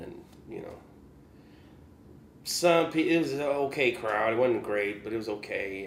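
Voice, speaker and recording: A man's voice: on the low side, creaky, slight background noise. A man, a musician guest, telling a gig story in a loose, rambling way, with lots of "you know" and laughs. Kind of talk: casual storytelling. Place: room in Kansas City. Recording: echoey room.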